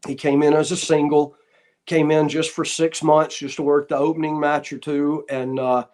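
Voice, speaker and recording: A man's voice: fairly high pitch, moderate pace. A man from the Florida Panhandle, a guest who tells casual stories about his start in wrestling and acts out what other people said. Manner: animated anecdotes, acting out what others said. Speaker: guest, former wrestler and referee. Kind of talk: casual storytelling.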